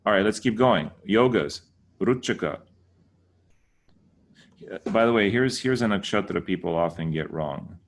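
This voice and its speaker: A man's voice: on the low side, lively intonation, unhurried, long pauses. A man giving a casual lesson, patiently repeating words to correct how people say them. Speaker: teacher.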